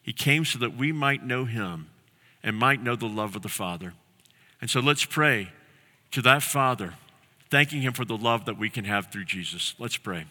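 A man preaching a sermon as pastor, telling a story earnestly and slowing down on key phrases. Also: mid-range voice, animated, pushed and bright, big-room sound.

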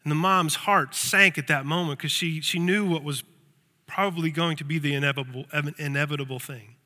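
A man's voice: fairly high pitch, steady tone, a little fast, pushed and bright, long reverb tail. A male pastor preaching a sermon, telling a story and often repeating words as he thinks.

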